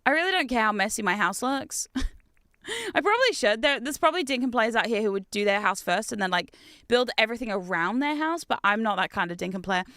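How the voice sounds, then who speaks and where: A woman's voice: on the high side, expressive, quick pace, bright, forceful tone, no echo, studio quality. A young woman chatting casually while playing a game, chatty and self-mocking, swearing now and then. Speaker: gaming streamer. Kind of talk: casual gameplay chat.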